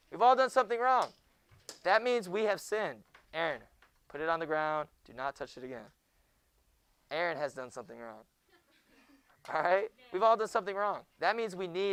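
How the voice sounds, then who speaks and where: A young man teaching a junior high Bible class in a classroom, joking with the students and often hushing them. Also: animated, moderate pace, clean tone. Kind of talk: classroom lecture.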